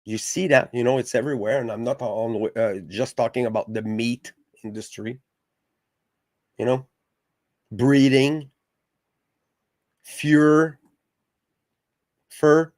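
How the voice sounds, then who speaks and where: Passionate and profane, a man hosting a podcast halts and restarts repeatedly while arguing in heated casual talk. He speaks at medium pitch with a darkish tone, recorded dry at studio quality.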